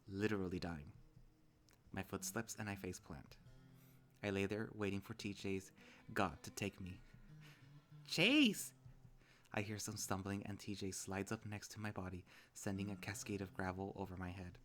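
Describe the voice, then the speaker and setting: A man reads a visual novel aloud in a casual, low-pitched voice. He narrates in first person and now and then steps out to comment on his own reading. Faint music plays underneath. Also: flat delivery, moderate pace.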